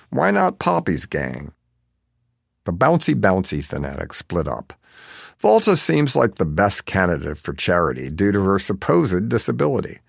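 A man's voice: low voice, creaky, no echo, clean studio sound. A man narrating an audiobook in a wry, sardonic manner.

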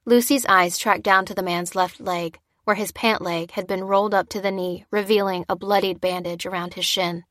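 A woman reading a story aloud in steady, even scripted narration. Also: medium pitch, moderate pace, few pauses, dry recording, studio quality. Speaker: audiobook narrator.

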